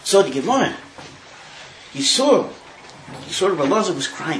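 A man teaching a Talmud class, telling the story in an animated way and mixing in Hebrew terms. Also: on the high side, normal speed, pauses often, slight background noise. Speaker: Torah teacher. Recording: echoey room.

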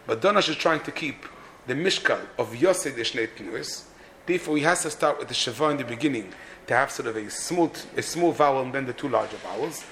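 A man's voice: mid-range voice, animated, brisk, fairly bright tone, a little hiss or hum. A man teaching a text-study class, explaining the meter of a Hebrew poem with frequent restarts and repeated words. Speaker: Torah teacher.

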